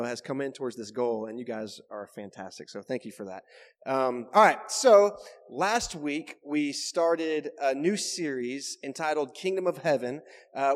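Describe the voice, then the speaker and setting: A man's voice: medium pitch, long reverb tail. A man preaching a sermon as pastor, conversational and emphatic, often checking in with the congregation. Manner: conversational and emphatic, keeps asking "right?". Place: church.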